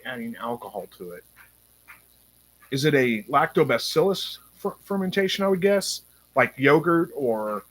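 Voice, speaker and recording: A man's voice: mid-range voice, fairly bright tone. Chatty man reading chat. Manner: chatty, thinks aloud with many ums. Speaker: livestream host reading chat. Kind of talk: casual live-stream chat.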